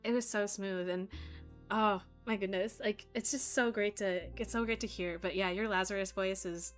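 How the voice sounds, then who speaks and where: A woman's voice: medium pitch, steady tone, normal speed, faint music behind. A woman chatting casually with fellow voice actors on a voice call, gushing with praise and full of fillers. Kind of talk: casual chat among voice actors.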